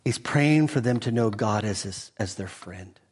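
A middle-aged man preaching a sermon as a pastor, fervent and climbing to high, loud peaks before dropping to soft, intimate tones. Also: expressive, measured pace, breathy edge, big-room sound.

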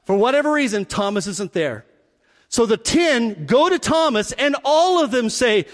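A man's voice: extremely high pitch, long reverb tail. A man preaching a sermon, acting out the scenes as he tells them. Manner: animated, acts out scenes with quick voice shifts. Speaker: pastor.

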